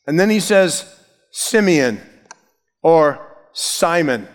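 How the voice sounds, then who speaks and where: A man's voice: fairly high pitch, lively intonation, drawn-out words, pauses often, big-room sound. A man preaching an expository sermon as pastor, emphatic, stressing key words and shifting his pace.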